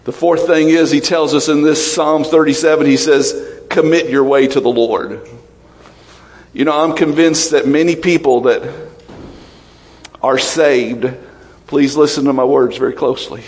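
Pastor guy preaching, gets all emotional then drops way down low, big echoey church hall. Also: a little slow. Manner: emotional, animated preaching with laughs and sudden drops to low, quiet tones. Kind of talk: sermon.

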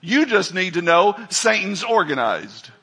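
An older man preaching a sermon as pastor, emphatic, swinging between loud calls and quiet asides. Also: high voice, big pitch swings, unhurried, slightly rough.

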